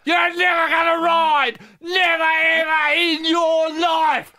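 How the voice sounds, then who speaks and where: A man doing a furious shouting parent. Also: extremely high pitch, level tone, slow, voice pushed up, full character voice. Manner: yelling, scolding. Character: furious shouting parent forbidding horse riding.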